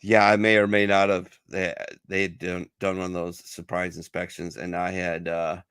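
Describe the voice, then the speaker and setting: A man's voice: low voice, normal speed, clean tone, no room sound. Profane, storytelling man on a dry mic. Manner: profane, storytelling with lively quoted voices. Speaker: veteran podcast co-host. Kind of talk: casual chat.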